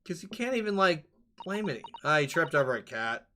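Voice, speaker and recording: A man's voice: on the high side, sing-song, normal speed, sharp tone, a little hiss or hum. A man giving casual, rambling let's-play commentary, giggling and swearing as he reacts. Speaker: game streamer.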